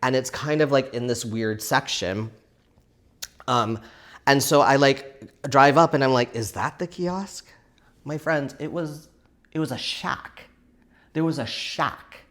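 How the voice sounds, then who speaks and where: A man's voice: medium pitch, a little slow, pauses often. Chatty man telling a story. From Canada. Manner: animated, laughing, frequent "like" fillers. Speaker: crafting vlog host. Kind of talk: casual storytelling vlog.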